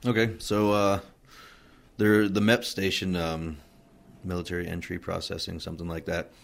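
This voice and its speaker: A man from Wyoming, a Marine veteran being interviewed, telling his story in a relaxed, rambling way with many fillers and restarts. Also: sits low, moderate pace, vocal fry. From Wyoming, USA. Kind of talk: casual oral-history storytelling.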